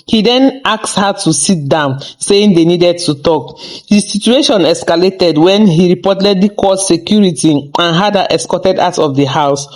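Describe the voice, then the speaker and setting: Guy doing a gossip news recap, slightly high voice, talks right to his viewers. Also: rough recording. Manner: chatty, addresses viewers directly. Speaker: host of a celebrity gossip channel. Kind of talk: narrated celebrity news recap.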